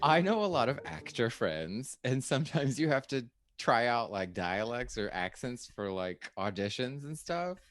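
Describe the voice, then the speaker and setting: A man chatting as a comedian guest on a podcast, playful and quick with jokes, laughing often. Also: medium pitch, big pitch swings, a bit bright. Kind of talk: casual comedic chat.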